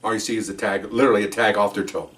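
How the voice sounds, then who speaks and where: Middle-aged ex-cop guy rambling thru a story, talks quick, sits a bit back from the mic. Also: fairly low pitch, flat delivery, fairly bright tone, recorded from a distance. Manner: rambling, acts out quotes in a raised voice. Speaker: retired police officer telling stories. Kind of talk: casual spoken storytelling.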